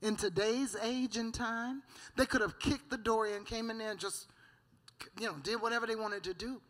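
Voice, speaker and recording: A woman's voice: on the high side, steady tone, moderate pace. A woman giving a preached church testimony, fervent and storytelling, breaking in with amen and hallelujah and often laughing.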